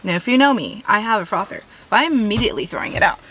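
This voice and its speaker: A woman's voice: mid-range voice, big pitch swings, very fast. A woman vlogging about van life in casual chat, bubbly and gushing, rambling with fillers. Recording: noisy handheld recording.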